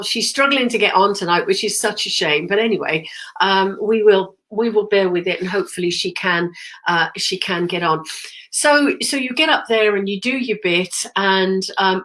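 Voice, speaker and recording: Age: middle-aged. Sex: woman. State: has a cold, clears her throat often. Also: mid-range voice, a bit bright. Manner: chatty and rambling, many ums and throat-clearing. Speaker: spiritual medium hosting a live stream. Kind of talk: casual live-stream chat.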